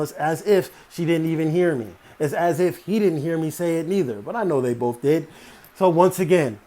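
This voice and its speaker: Guy telling a story from his store manager days, kinda high voice, lots of "like" and "you know", punchy repeats. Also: darkish tone. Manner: conversational, repetitive, emphatic, many fillers. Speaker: motivational speaker. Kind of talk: storytelling talk.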